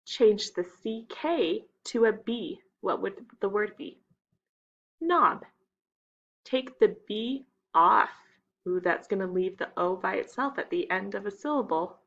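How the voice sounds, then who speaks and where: Female teacher for early readers, unhurried and patient, even pitch, muffled home recording. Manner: slow, patient, stretches out the key words. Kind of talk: phonics lesson for young children.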